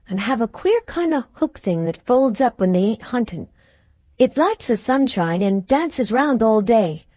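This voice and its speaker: A woman's voice: on the high side, darkish tone, no echo. A woman voicing an earnest little boy eagerly explaining what he has seen, in plain country speech, in a storybook reading.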